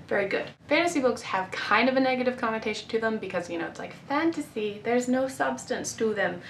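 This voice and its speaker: Brief: a young woman book vlogger, exasperated and animated, in an echoey room with faint background noise. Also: medium pitch. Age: 20s. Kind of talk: casual vlog rant.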